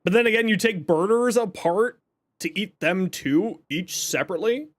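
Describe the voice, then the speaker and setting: With a high voice at normal speed, this young streamer keeps things chatty and jokey during his live stream. He reads viewer messages aloud and walks through his build.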